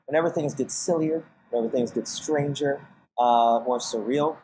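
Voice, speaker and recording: A man's voice: mid-range voice, normal speed, mellow, a little hiss or hum, poor audio. A man being interviewed as a guest on a podcast, talking casually and rambling with many fillers and restarts while acting out his own reactions. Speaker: podcast guest, casting director and manager.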